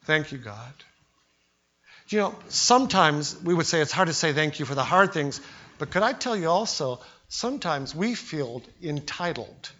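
An older pastor preaches with a bright, forceful, slightly high voice, telling homely stories and acting out what people said. The recording sounds dull and lo-fi. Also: male voice, expressive, moderate pace. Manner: storytelling preacher, acts out quotes with voices. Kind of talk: sermon.

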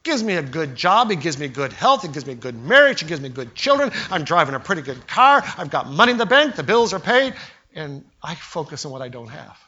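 An older pastor preaches with a bright, forceful, slightly high voice, telling homely stories and acting out what people said. The recording sounds dull and lo-fi. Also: male voice, big pitch swings, fairly quick, breathy edge. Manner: storytelling preacher, acts out quotes with voices. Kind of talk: sermon.

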